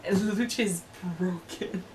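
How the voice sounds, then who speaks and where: A woman hosting an anime reaction chat, animated, swearing freely and restarting her sentences. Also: medium pitch, measured pace, slight background noise, poor audio.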